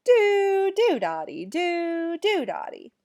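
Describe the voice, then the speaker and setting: A woman's voice: very high voice, wildly swooping pitch, takes it slowly, a little mellow. A woman teacher recording a music lesson at home, chanting rhythm syllables and talking straight to the children watching.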